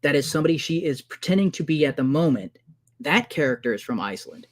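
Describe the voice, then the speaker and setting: A man arguing heatedly in a casual debate, excitable and exasperated, often talking over the other man. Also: fairly high pitch, quick pace.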